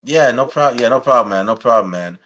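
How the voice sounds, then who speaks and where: A man from Guyana hosting an interview podcast, chatting casually and getting animated as he jokes around. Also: medium pitch, brisk, muffled recording. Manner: animated, laughing while putting on a playful accent. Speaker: podcast host.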